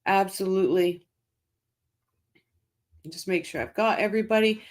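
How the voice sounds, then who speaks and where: A woman's voice: mid-range voice, moderate pace. A middle-aged woman hosting a casual livestream, chatting and reading out viewer comments with frequent restarts. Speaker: livestream host.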